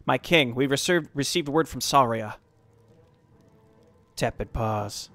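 A man's voice: medium pitch, slow pace, a bit bright, no echo. A man reading game dialogue as a dutiful royal messenger, giving a formal, respectful report. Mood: solemn.

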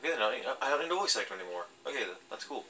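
A man's voice: medium pitch, big pitch swings, racing, sharp tone, a little hiss or hum, poor audio. A man hosting a let's play, giving chatty, casual commentary with wry joking asides as he plays.

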